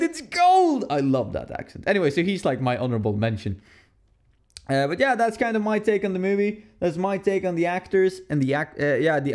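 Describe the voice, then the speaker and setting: A man's voice: a little high, a little mellow. A man hosting a casual solo podcast film review, rambling, correcting himself and laughing often. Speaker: podcast host.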